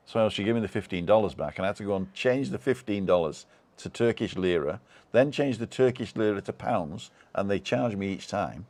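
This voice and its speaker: Man from the UK, very low voice, rambling live-stream chat, lots of ums and restarts. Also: darkish tone. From United Kingdom. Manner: rambling, chatty, with many fillers and restarts. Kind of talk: casual live-stream chat reading comments.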